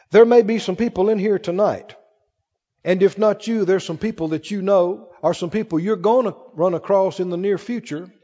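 A man with a high voice preaches a fervent sermon, reading scripture aloud and building it up with bursts of emphasis. He is recorded in a church hall with a long, lingering reverb. The sound is muffled and lo-fi. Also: mellow. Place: church with congregation.

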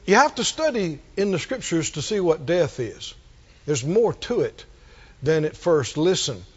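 A man preaching a sermon, drawing out his words and building to emphatic shouted refrains. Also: fairly high pitch, sing-song, a little slow, breathy edge, muffled recording.

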